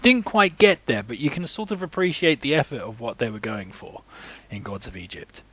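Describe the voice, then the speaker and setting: A man's voice: mid-range voice, animated, moderate pace, pushed and bright, breathy edge, muffled recording. A man co-hosting a podcast in casual chat, speaking emphatically with sarcastic asides. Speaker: podcast co-host.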